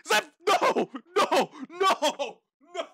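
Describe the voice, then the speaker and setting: A young gaming channel host reacting to a movie trailer, hyper and loud, shouting and laughing. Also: very high voice, very animated, slow pace, gravelly, slight background noise. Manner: hyper, shouts and laughs, lots of "bro" and "oh my gosh".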